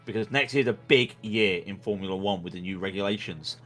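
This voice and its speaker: A man's voice: lowish voice, a little fast, a bit bright, faint music behind. A man commentating on a sim race in casual chat, rambling and joking with plenty of stammered restarts.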